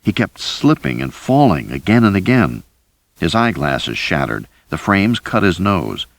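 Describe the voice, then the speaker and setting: A man reading a thriller audiobook in first person, with a steady, deep delivery. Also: a little slow, vocal fry. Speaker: audiobook narrator. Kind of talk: scripted first-person narration.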